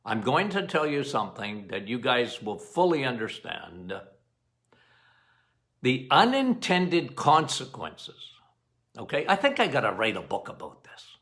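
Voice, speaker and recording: A middle-aged man, a doctor hosting a health podcast, talking straight to his listeners in an animated way, going off on tangents and repeating phrases for emphasis. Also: medium pitch, a little slow. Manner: animated, talks straight to listeners, quotes patients in playful voices.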